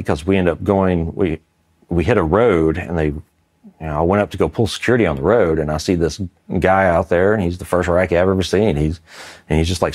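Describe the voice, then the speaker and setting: A middle-aged man from Mississippi, an Army veteran telling a war story in a casual, rambling interview, full of fillers. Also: low-pitched.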